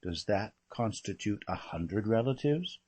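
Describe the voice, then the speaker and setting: A man reading a gentleman cousin who asks short, probing questions. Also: fairly low pitch, expressive, measured pace. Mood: questioning.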